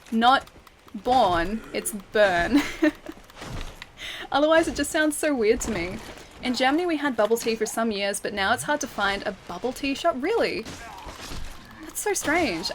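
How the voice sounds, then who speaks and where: A woman's voice: fairly high pitch, fairly bright tone, a little hiss or hum. A young woman chatting casually with her viewers while streaming a game, rambling with fillers. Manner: chatty, rambling, answers chat with fillers and laughs. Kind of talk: casual gaming stream chat.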